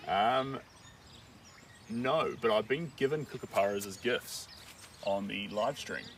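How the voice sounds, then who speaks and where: A man chats on a live stream as he paints, rambling and joking while he thinks aloud. His voice sits low, and he is picked up from some distance by the mic. Outdoor sounds, with birds and a rural backdrop, come through clearly behind him. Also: slow pace, a little hiss or hum.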